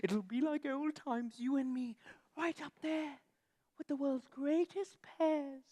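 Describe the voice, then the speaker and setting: A woman's voice: on the high side, lively intonation, slow pace. Igor, a woman playing a sly chummy servant. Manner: sly, chummy, sing-song. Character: eager bug-eyed male servant Igor. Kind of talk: stage musical acting. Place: theatre stage. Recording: live stage show with band music.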